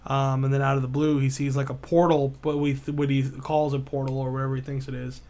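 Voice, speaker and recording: A man's voice: medium pitch, little pitch movement, quick pace, dark tone. A man co-hosting a podcast in casual chat, rambling through a retold story with lots of swearing and filler words. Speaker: podcast co-host.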